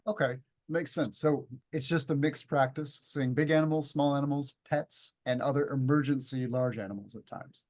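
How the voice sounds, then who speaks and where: A man with a General American accent, hosting an interview for English learners and speaking clearly and deliberately. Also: medium pitch, fairly even intonation, darkish tone. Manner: clear, deliberate, friendly prompting. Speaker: English teacher host. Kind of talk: casual interview.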